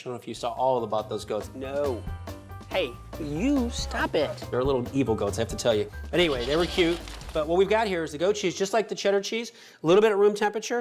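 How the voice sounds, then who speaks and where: A man hosting a cooking show as the chef, chatty and upbeat, talking viewers through each step in a kitchen. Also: a little high. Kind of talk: cooking demonstration.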